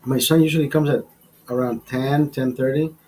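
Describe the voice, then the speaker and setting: A man's voice: medium pitch, steady tone, normal speed, darkish tone. Crude, rambling male livestream host. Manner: profane, rambling, laughing. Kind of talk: casual crude chat.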